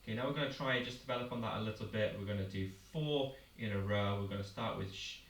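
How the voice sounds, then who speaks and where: A man leads a vocal warm-up in a patient, encouraging way, his voice sitting a little low. He is recorded from some distance in a roomy space, with faint ambience behind him. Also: fast. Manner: patient, encouraging instruction with demonstrations. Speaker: vocal coach. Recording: roomy, from far off the mic.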